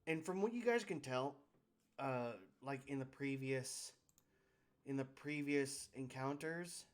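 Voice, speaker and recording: A man's voice: medium pitch, slow. A young man running a tabletop game on a live stream, narrating casually with restarts and fillers. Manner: casual, rambling, self-correcting.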